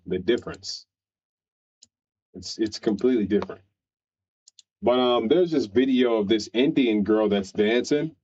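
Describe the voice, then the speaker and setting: A man's voice: fairly low pitch, a little mellow, husky, muffled recording. Crude, opinionated man ranting. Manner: opinionated, crude, rambling with restarts. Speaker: streamer. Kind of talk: casual rant on a stream.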